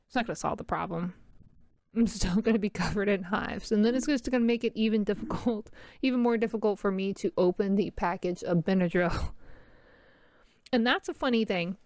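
A tired woman vents in a loose, rambling monologue, exasperated but quick to mock herself. Her voice sits at a middling pitch and is recorded close and dry. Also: no echo. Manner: exasperated, venting with wry self-mocking laughs. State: tired and itchy. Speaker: mother talking to camera.

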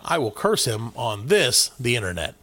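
A man's voice: mid-range voice, big pitch swings, normal speed, fairly bright tone. A middle-aged man, a podcast co-host, ranting through a profane story in casual banter. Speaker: podcast co-host and youth basketball coach.

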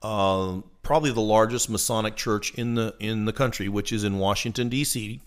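A man's voice: lowish voice, fairly even intonation, moderate pace, smooth. A man hosting a casual talk show, explaining things at length and laughing easily.

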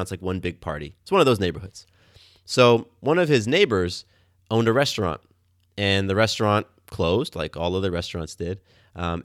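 A man hosting his own podcast, telling warm everyday stories in a casual, upbeat, enthusiastic way. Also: lowish voice, dry recording, clean studio sound. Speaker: podcast host. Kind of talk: casual storytelling monologue. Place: Atlanta, USA.

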